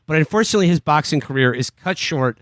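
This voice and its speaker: Man podcaster, slightly high voice, dry close mic, halting comedic recap full of uhs. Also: lively intonation, a bit bright, dry recording. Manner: halting recap with many fillers and stammered restarts. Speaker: podcast co-host. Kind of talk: casual comedic podcast chat.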